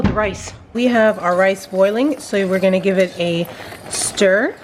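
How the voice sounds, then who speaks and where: A woman's voice: mid-range voice, measured pace, heavy background noise. A woman chatting and joking with viewers while she cooks in her home kitchen, casual vlog style. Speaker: home cook vlogger.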